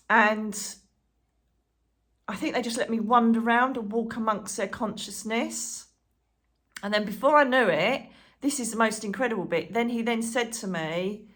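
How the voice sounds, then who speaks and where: A woman chatting to camera as a channel host, excitable and rambling, full of asides and fillers. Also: medium pitch. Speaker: psychic medium and channel host. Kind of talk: casual chat to camera.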